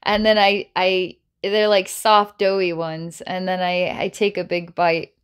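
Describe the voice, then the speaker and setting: A woman's voice: fairly low pitch, little pitch movement, a little slow, clear, resonant tone. Playful, giggly woman psychic healer. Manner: playful and giggly, with many filler words. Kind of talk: guided healing session narration.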